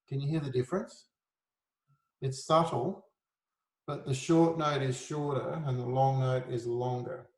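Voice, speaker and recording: A male music teacher of middle pitch talks through rhythm in an easygoing, self-deprecating way and sings the beats on "da". His voice carries a roomy echo. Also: moderate pace, a little mellow. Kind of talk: informal music lesson.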